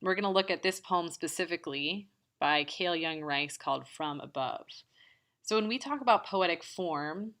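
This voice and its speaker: A woman teaching a poetry lesson in a low, unhurried voice. Her tone is bright and clear. She explains patiently, step by step, and taps out the rhythm of the lines.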